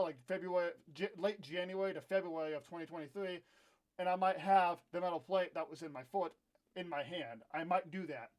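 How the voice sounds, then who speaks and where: A young man telling a candid, ranting storytime into his own camera, often poking fun at himself. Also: sits high. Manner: candid, ranting, self-deprecating. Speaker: vlogger. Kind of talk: casual storytime vlog.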